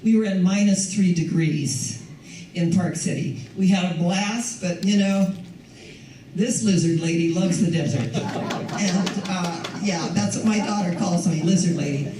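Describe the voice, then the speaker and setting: A woman's voice: lowish voice, a little slow, background noise. An older woman minister giving a conversational sermon, laughing often, her voice a little strained after losing it recently. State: recovering from lost voice. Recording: echoey hall from far off.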